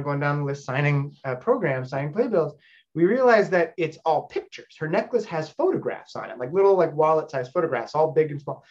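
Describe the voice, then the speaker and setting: A man in his thirties, a stage actor, telling casual anecdotes in a rambling, animated way. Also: a little high, muffled recording. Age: 30s. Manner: rambling with frequent fillers and restarts, animated storyteller.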